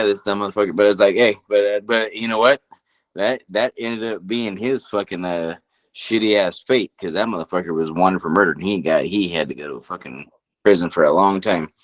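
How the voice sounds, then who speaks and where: A man co-hosting a podcast, telling a story in casual chat with rambling, profane speech. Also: deep voice. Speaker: podcast co-host.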